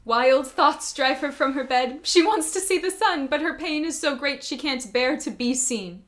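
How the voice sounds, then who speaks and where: A woman's voice: high-pitched, normal speed, fairly bright tone. An actress playing a devoted nurse, worried for her queen and pleading in a stage drama.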